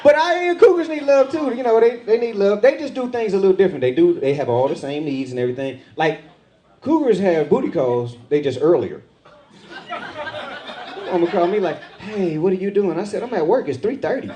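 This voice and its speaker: A middle-aged man doing stand-up comedy on a club stage with a handheld mic, jumping into loud, high voices when he acts out other people. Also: animated, fairly quick. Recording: live club with loud crowd laughter.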